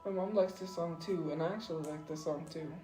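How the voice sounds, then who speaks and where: A woman's voice: deep voice, a little fast, mellow, roomy sound, poor audio. A woman hosting a casual livestream, rambling with lots of fillers and laughing at herself. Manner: rambling, filler-heavy, self-deprecating. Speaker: livestream host. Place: home room. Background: faint music playing.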